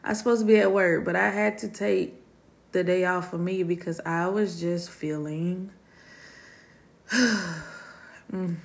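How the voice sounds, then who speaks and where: A woman's voice: on the low side, fairly even intonation, slow, creaky, pauses often. A woman hosting a solo podcast from her dining room, talking candidly and heartfelt to her listeners. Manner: heartfelt, confiding, addresses listeners as y'all. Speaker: podcast host.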